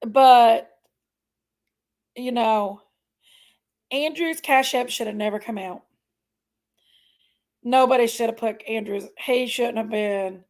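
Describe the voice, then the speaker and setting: Woman, live stream host, slightly hoarse, gravelly, rather high voice, rambling casual chat. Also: slow, long pauses, darkish tone, low-quality recording. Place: home, on a couch.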